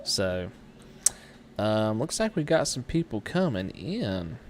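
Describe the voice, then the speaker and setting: A man's voice: lowish voice, sing-song, slow pace, a little hiss or hum. A man hosting a live web show, casual and self-mocking, laughing often. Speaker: webshow host. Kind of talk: casual live-stream interview.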